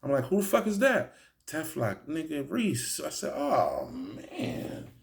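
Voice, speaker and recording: Man telling a wild street story, voice jumping all over, kinda high, cursing a lot. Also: slow pace, gravelly. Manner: animated, profane street storytelling with acted-out quotes. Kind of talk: casual storytelling to camera.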